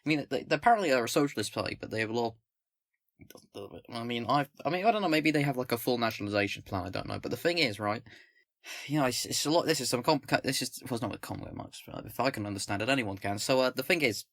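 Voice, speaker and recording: A man's voice: medium pitch, lively intonation, fast, a bit bright, no room sound, studio quality. A man from England giving casual political commentary, rambling with many fillers and restarts, then reading a document aloud. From England, not the North. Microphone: own microphone, close.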